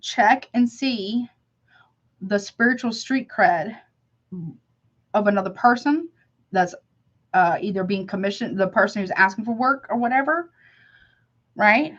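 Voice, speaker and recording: A woman reads tarot live in a loose, slangy chat. Her tone is sympathetic and easygoing, with a mid-range pitch. The audio is a little dull and lo-fi. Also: unhurried, long pauses, a bit bright. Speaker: tarot reader.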